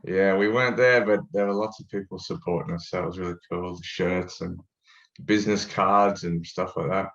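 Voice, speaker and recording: A laid-back Australian man, chatting as a guest and telling his story with dry jokes. His voice sits a little low, and it comes through slightly dull and echoey, like a room recording. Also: steady tone, normal speed, fairly bright tone. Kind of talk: casual interview chat.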